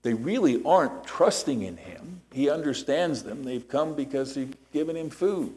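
A man's voice: mid-range voice, lively intonation, moderate pace, dark tone. A man preaching a sermon as pastor, explaining scripture step by step and checking in with rhetorical questions.

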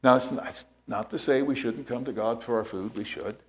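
A man's voice: mid-range voice, a little fast. A man preaching a sermon as pastor, explaining scripture step by step and checking in with rhetorical questions.

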